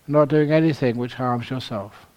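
A man's voice: medium pitch, normal speed, a little mellow, lo-fi sound. A man with a London accent giving a humorous dharma talk to a retreat, telling stories and chuckling at his own jokes. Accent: London English. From London, England. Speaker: meditation teacher.

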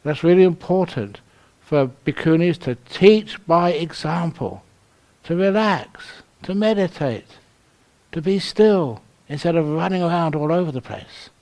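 Slow, gently joking London man. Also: a little high, expressive. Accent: London English. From London, England. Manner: humorous storytelling, chuckles at his own jokes. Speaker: meditation teacher. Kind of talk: retreat dharma talk.

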